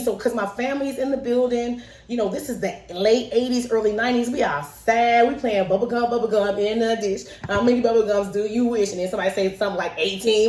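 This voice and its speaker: Brief: woman around forty, animated storyteller, roomy room sound with the mic set back. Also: mid-range voice, fairly quick, hardly any pauses, far from the mic. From Chicago, South Side. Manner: playful, lively, acts out voices and laughs often. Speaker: show creator telling a childhood story. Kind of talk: personal storytelling to camera.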